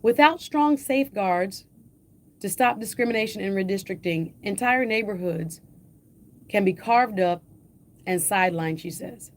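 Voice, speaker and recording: Woman show host, Jamaican accent, mid-pitched voice, reads an editorial aloud with emphatic slowed stresses and adds her own comments. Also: a little hiss or hum. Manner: emphatic, slows and lifts pitch on key phrases.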